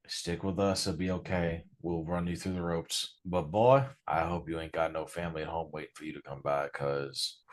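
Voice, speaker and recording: A man voicing a gruff, swearing male werewolf street tough with a put-on Southern drawl, talking roughly to a newcomer. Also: low-pitched. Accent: Southern American drawl, put on. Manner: swearing, rough, fatherly talk. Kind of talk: tabletop role-play voicing.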